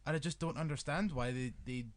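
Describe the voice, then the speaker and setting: A man's voice: fairly high pitch, a little fast. A young Scottish man co-hosting a podcast in loose, casual banter. He rambles and swears, and he fills his talk with "like" and "um.". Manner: rambling, swearing, filler-heavy. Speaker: podcast co-host.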